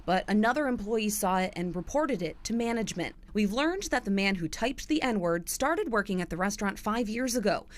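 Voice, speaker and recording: A woman news reporter reading a scripted report in a crisp, measured way. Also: mid-range voice, expressive.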